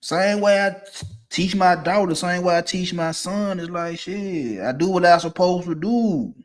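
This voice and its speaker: A man, ranting casually and profanely, swinging from low mutters to loud, emphatic bursts. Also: a little slow. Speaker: streamer giving opinions.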